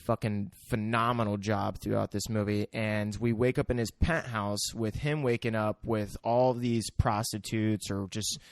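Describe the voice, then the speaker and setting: A man's voice: lowish voice, fairly even intonation, unhurried, few pauses, no room sound, clean studio sound. A man co-hosting a podcast, chatting casually about a film in a laid-back, rambling way. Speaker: podcast co-host. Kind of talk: casual chat.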